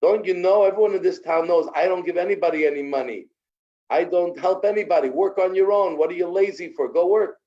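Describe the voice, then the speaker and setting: A man's voice: medium pitch, normal speed, creaky, dull audio, close to an everyday voice. A man voicing a stingy rich man who indignantly scolds a poor beggar. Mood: scornful. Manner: indignant, shouting.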